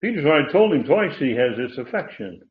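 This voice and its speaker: A man's voice: fairly high pitch, big pitch swings, quick pace. A man teaching a Bible passage verse by verse, explaining the Greek words with emphasis and correcting himself as he goes. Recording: tinny phone-like sound in an echoey room.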